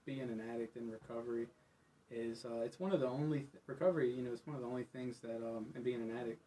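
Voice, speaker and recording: A man's voice: medium pitch, fairly even intonation, quick pace, dark tone, slight background noise, poor audio. A man in recovery talking earnestly and confessionally as a podcast guest. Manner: earnest, confessional, many fillers. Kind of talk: personal testimony in casual talk.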